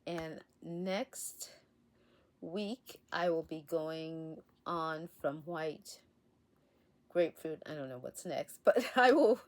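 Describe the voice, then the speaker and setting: A woman talks to her camera in a loose, rambling vlog manner, often restarting her sentences. Her voice is hoarse as she recovers from illness, and it sits low. She speaks slowly. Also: steady tone. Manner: chatty, rambling with restarts and soft laughs. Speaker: essential oils channel host. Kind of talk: casual talk to camera. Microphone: facing a camera.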